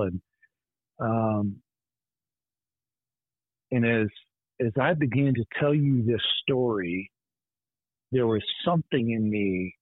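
A podcast host telling a personal story in an earnest, intense way. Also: male voice, mid-range voice, dry recording. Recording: tinny phone-like line, dry.

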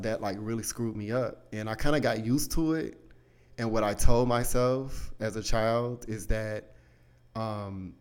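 A man's voice: fairly low pitch, a little mellow. A man hosting a podcast, telling a personal story in a candid, rambling way full of "like" and "you know", with casual swearing. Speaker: podcast host.

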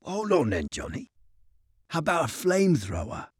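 A man's voice: fairly high pitch, huge pitch swings, normal speed, husky, no room sound, studio quality, heavily acted. A man voicing a grinning, pushy quartermaster from who haggles and swears coarsely. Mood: wheedling. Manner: brash, wheedling, swearing.

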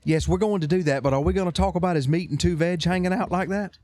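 A man voicing a gruff, crude soldier, blunt and quick to swear. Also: sits high, a little mellow, no room sound, natural voice. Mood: mocking. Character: gruff crude British soldier, male adult.

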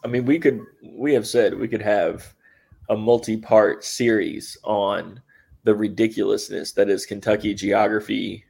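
A man's voice: lowish voice, steady tone, unhurried, vocal fry, darkish tone, husky. A man from the American South with a faint Southern accent, co-hosting a podcast, asking curious questions and laughing often. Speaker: podcast co-host. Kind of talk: casual chat.

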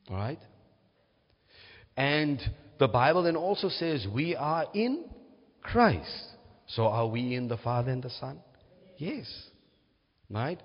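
A man's voice: medium pitch, slightly rough. A man preaching a teaching sermon, often checking in with his listeners. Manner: teaching, asks "right?" to check understanding. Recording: muffled, reverberant hall.

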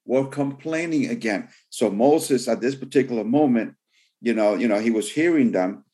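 A man of ordinary pitch preaches through a Bible passage in a relaxed, conversational manner. He leans on "you know" between thoughts and slows down deliberately whenever he reads scripture aloud. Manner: conversational, heavy use of "you know" fillers. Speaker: pastor. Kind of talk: sermon Bible teaching.

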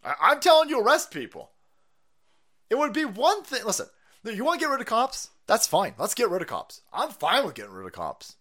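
Sarcastic streamer guy ranting and cussing, voice bouncing all over, kinda high. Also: wildly swooping pitch, a little fast, pushed and bright. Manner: sarcastic, swears a lot, laughs at his own jokes. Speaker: live-stream commentator. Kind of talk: profane political rant.

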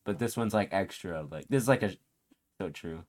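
A man's voice: low voice, moderate pace, darkish tone. A young man co-hosting a podcast in casual chat, joking and giggling, often trailing off mid-sentence. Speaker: podcast co-host.

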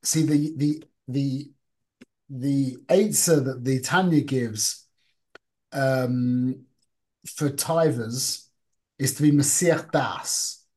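This Torah teacher's mid-range voice has a darkish tone, and he speaks very slowly with long pauses. His informal class is conversational, full of questions for the group and English peppered with Hebrew and Yiddish terms.

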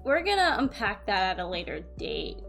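A woman's voice: mid-range voice, sing-song, normal speed, gravelly, fairly bright tone, faint music behind. A woman co-hosting a casual group chat, teasing her friends in a playful way. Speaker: co-host.

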